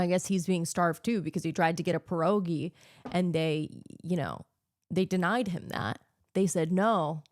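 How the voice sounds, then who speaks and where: A woman's voice: lowish voice, gravelly, a little mellow, no room sound, studio quality. A woman hosting her own podcast, ranting solo in a sarcastic, profane, opinionated way. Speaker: podcast host.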